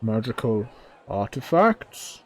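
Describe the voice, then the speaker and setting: A man's voice: sing-song, heavily acted. A man voicing a hostile, fire-worshipping forge dweller who bellows in anger. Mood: suspicious. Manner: angry, booming, drawn-out.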